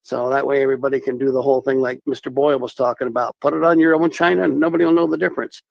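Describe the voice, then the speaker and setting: A man's voice: medium pitch, fairly even intonation, racing, creaky, no room sound. A man calling in to a talk radio show from his mountain home, telling rambling, joking stories. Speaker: caller. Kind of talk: casual phone-in chat. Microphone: telephone. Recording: muffled phone line.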